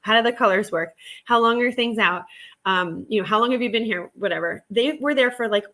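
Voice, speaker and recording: A woman hosting a casual live stream while she works. She talks in a chatty, excitable way, laughs often, and greets viewers by name. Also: fairly high pitch, a little fast. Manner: laughs often, rambling restarts.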